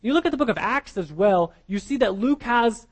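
A pastor with a high voice teaches a Bible class in a relaxed, informal sermon style at a moderate pace. He speaks conversationally, trips over repeated words, and asks the group questions to check in.

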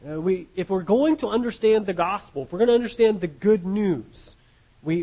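Guy preaching a sermon, highish voice, earnest, keeps restarting phrases. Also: darkish tone, poor audio. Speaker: pastor.

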